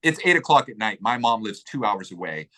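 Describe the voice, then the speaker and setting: A man's voice: on the low side, sing-song, a little fast, pushed and bright. A man telling a personal story in a casual interview, getting emotional, swearing freely and acting out what people said.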